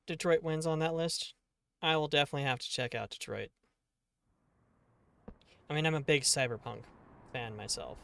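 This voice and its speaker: A man's voice: a little high, steady tone, normal speed, vocal fry, long pauses, a bit bright, no room sound. A man streaming a game live, chatting casually and jokingly and greeting viewers as "darling".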